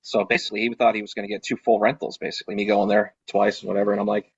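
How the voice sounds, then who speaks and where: A man's voice: fairly low pitch, fast, breathy edge, dry recording, muffled recording. A man who owns a party rental business, telling a casual story and acting out what he said back then. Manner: animated, acts out his own quoted lines. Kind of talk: casual storytelling on a video call.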